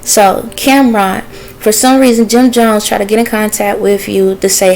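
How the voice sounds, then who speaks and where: A woman's voice: mid-range voice, steady tone, normal speed, darkish tone, a little hiss or hum, poor audio. A woman talking casually in a vlog, relaying messages she says come from spirits and stopping to ask them yes-or-no questions. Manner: chatty with frequent fillers and laughter. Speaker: spiritual messenger vlogger.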